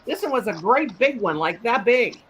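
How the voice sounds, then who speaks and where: A woman's voice: on the high side, animated, brisk, background noise. A woman, hosting a casual live chat and telling folksy stories with a laugh. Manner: folksy storytelling, laughs often. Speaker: host, mother.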